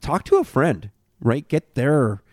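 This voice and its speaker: A man's voice: medium pitch, very animated, slow pace, a little mellow, dry recording, studio quality. A man hosting a casual podcast, joking and swearing, often breaking into laughter while giving advice. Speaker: podcast host. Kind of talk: casual chat. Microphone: podcast studio mic.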